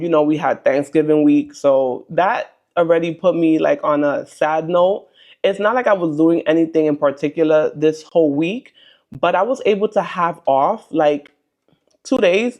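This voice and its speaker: A woman's voice: low voice, darkish tone. Earnest woman sharing a faith testimony. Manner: chatty, earnest, frequent "um" and "like".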